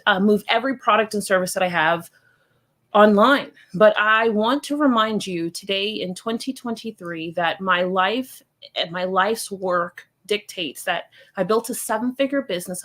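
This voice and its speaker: Animated woman business coach. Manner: animated storytelling, acts out other voices in high pitch. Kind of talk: motivational talk to camera.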